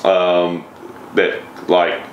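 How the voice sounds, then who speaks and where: A man's voice: low-pitched, flat delivery, extremely slow, echoey room, highs cut off, slight background noise. A man hosting a casual interview, speaking in an easygoing, agreeable way. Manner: easygoing, agreeable, with frequent "yeah" backchannels. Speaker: host.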